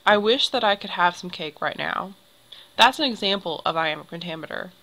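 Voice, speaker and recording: A woman's voice: on the low side, expressive, moderate pace, pushed and bright, low-quality recording. A young woman teacher explaining poetry to a class, patient and step by step. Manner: explains patiently, draws symbols while talking.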